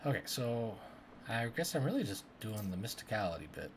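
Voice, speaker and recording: A man's voice: on the low side, big pitch swings, brisk. A man playing a video game, reading its text aloud and adding offhand asides. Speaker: game streamer. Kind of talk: let's play commentary. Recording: background noise.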